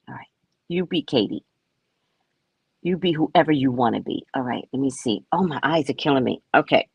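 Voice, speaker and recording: A woman hosting a casual live stream, chatting with viewers by name in a lively, talkative way. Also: very deep voice, fairly quick, husky, dry recording. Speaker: psychic live-stream host.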